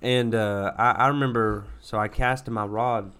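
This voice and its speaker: A man's voice: on the low side, fairly even intonation, unhurried, a bit bright, clean tone. A man co-hosting a podcast, telling a ridiculous story with mock-earnest sincerity in loose, rambling casual chat. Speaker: podcast co-host. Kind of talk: casual chat, absurd tall tales.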